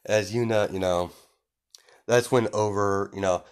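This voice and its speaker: A man's voice: lowish voice, fairly even intonation, measured pace, smooth. A man casually retelling a made-up story off the cuff, rambling with lots of fillers and restarts.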